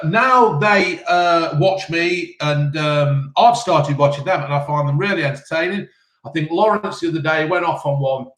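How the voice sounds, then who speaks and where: Reading out questions from his live chat, a fifties-aged stream host fires back blunt, cheeky answers laced with swearing in a casual session. His pitch is fairly high, and the sound is roomy.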